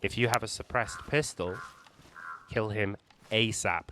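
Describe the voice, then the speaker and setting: A man hosting a gaming channel, calmly talking the viewer through a survival game, explaining tactics with small restarts. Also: fairly low pitch, measured pace, a little hiss or hum. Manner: calm, explanatory, hedging with restarts. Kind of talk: gameplay walkthrough commentary.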